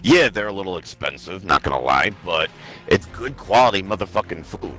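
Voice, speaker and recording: Host, man from Long Island, very low and bright-edged voice, crude and blunt, faint music. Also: lively intonation, a little fast. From Long Island, New York. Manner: blunt, crude, peppered with Spanish curses. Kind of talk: casual chat.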